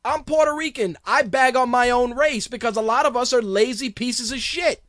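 A man's voice: very high-pitched, moderate pace, a bit bright, no room sound, studio quality. A man hosting a radio show, ranting casually in a heated, profane way with lots of restarts. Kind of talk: casual on-air rant.

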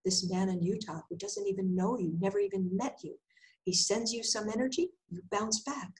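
An older woman recounts her story as a guest, her pitch climbing and falling as she acts out each exchange. She slips into other people's voices for the quoted lines and laughs her way through the telling. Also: moderate pace, poor audio. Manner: animated, acts out dialogue in voices. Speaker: guest, intuitive healer. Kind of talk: storytelling in conversation.

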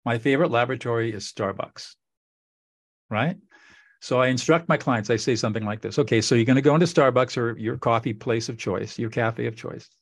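A man's voice: medium pitch, brisk, no room sound. Give me a middle-aged man hosting an interview, earnest and instructive, in a dry, close recording. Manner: earnest, instructive, repeats phrases for emphasis. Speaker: podcast host. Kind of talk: conversational interview.

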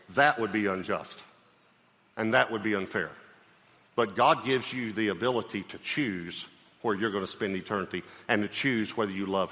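A man's voice: on the low side, pushed and bright. A middle-aged male pastor with a Southern US accent, preaching a sermon in a conversational way, repeating phrases and checking in with his listeners. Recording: live sermon in a reverberant hall.

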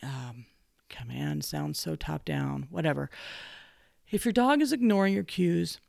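Woman trainer, gravelly dry voice, blunt and salty with jokey asides. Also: deep voice, a little slow, a little mellow, no echo. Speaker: dog trainer. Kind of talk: podcast advice monologue.

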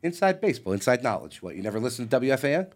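A man in his forties co-hosts a casual podcast. He tells stories with a lively voice that rises and falls, and he puts on raised voices to quote people he met. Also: mid-range voice, racing. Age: 40s. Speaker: podcast co-host. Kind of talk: casual chat.

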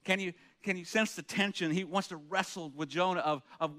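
A man's voice: high voice, fairly even intonation, a little fast, hardly any pauses, pushed and bright. A man preaching a sermon in an earnest, conversational way, reading scripture aloud and asking the room rhetorical questions. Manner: reads scripture aloud between comments. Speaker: pastor.

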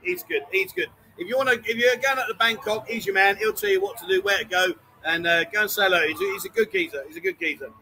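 High, bright-voiced man hosting. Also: lively intonation, fast, few pauses, poor audio. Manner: teasing banter, reads viewer comments aloud. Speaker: live-stream host. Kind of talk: casual live-stream chat. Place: bar.

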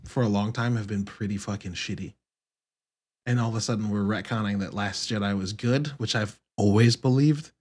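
Husky, profane man musing on a podcast. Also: on the low side. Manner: casual, profane, rambling with self-corrections. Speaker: podcast host. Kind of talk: solo podcast monologue.

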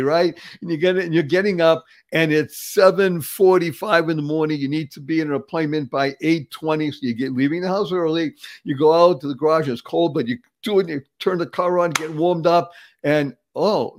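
A Boston-area man in his seventies, speaking as an interview guest, has a slightly high voice and a moderate pace. His style is emphatic, upbeat and motivational, and he repeats words for effect and laughs often.

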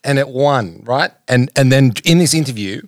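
A man's voice: mid-range voice, expressive, moderate pace, slight background noise. A young man from Australia co-hosting a podcast, talking in insistent, rambling casual banter and repeating his points. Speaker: podcast co-host.

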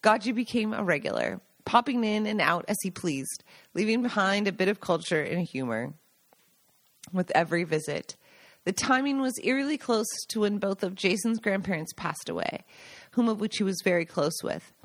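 An American woman reads a chapter of her own memoir aloud, mid-pitched and conversational. Her delivery is wry and self-amused, like she's telling stories to friends. The sound is dry and close, with no room echo. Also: animated, moderate pace. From United States. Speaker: podcast host and author.

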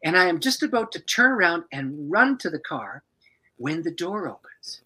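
A man who is a pastor, an animated storyteller who laughs often as a guest on a podcast. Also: fairly high pitch, normal speed, husky, rough recording.

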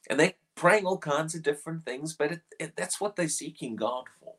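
A man's voice: on the high side, very animated, a little fast, hardly any pauses, a bit bright, slightly rough. A man preaching a short morning devotional, earnest and questioning, often repeating words as he presses a point.

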